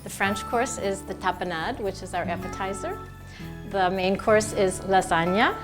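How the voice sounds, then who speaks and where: A woman's voice: mid-range voice, expressive, normal speed. A middle-aged woman from Buffalo, a cookbook author, chatting while she cooks and recalls family meals. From Buffalo, New York. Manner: warm reminiscing, laughs often. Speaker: cookbook author and home cook. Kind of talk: cooking demonstration and interview. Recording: with music behind.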